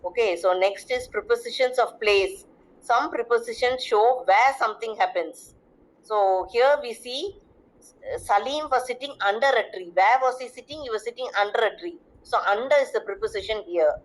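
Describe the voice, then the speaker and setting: A woman's voice: a little high, moderate pace, poor audio. A woman teaching English grammar. She reads example sentences aloud, asks questions about them, and often repeats herself or restarts a word. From South India. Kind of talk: recorded grammar lesson.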